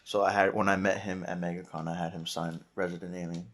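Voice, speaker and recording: A man chatting casually on a podcast, talking excitedly with lots of restarts and slang. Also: low-pitched, fast. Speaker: podcast panelist.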